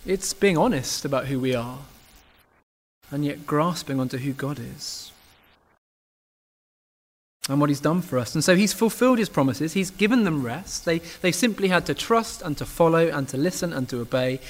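A man delivers a sermon in a church with earnest emphasis. His voice sits a touch higher than most men's, and he leans hard into key phrases, occasionally restarting a word. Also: lively intonation, moderate pace. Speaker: preacher.

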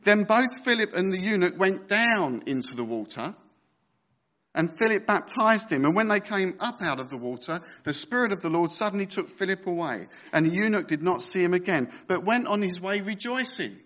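A man's voice: high-pitched, lively intonation, normal speed, fairly bright tone, highs cut off. A man preaching a sermon as pastor, reading scripture with conversational, joking asides.

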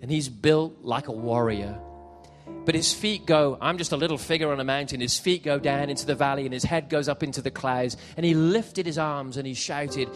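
A man preaching a live sermon at a church service, building passionately and sometimes shouting. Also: fairly high pitch, normal speed. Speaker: pastor. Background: faint piano.

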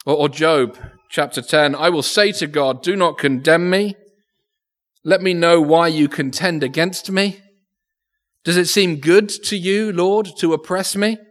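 A man's voice: on the high side, unhurried. A man preaching a sermon in a church, earnest, often repeating words as he thinks aloud. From England. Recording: echoey church with long reverb.

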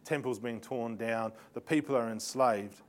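A man teaching a Bible lesson with slides, telling the story in a lively way with laughing asides and sarcastic remarks. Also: mid-range voice, a little slow.

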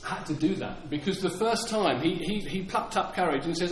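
At a moderate pace and with a voice that sits high, a man preaches earnestly, often repeating words and acting out the lines he quotes. The room is echoey, with faint ambience.

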